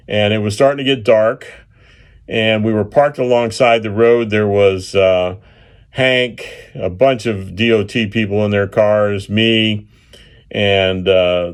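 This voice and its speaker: A man with a fairly low voice recounts a field story from his engineering work. He speaks in a casual, unhurried way. Filler pauses and small chuckles run through his telling.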